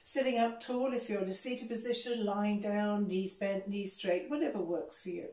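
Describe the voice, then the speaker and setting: Warm-toned woman yoga teacher, soothing and unhurried, recorded off-mic in a roomy space. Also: mid-range voice, distant mic. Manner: gentle, soothing, unhurried guidance. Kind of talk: guided yoga instruction. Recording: echoey room, voice off-mic.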